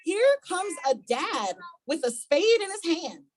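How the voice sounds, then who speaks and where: A woman reading a children's picture book aloud at a community event, animated and coaxing the young audience to join in. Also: very high-pitched, slow pace, no room sound, low-quality recording.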